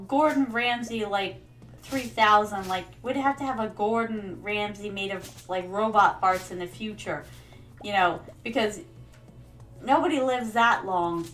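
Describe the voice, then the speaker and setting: A woman's voice: medium pitch, a little slow, fairly bright tone, faint music behind. A young woman streamer chatting playfully while playing a game, calling viewers her darlings. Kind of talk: casual gameplay commentary.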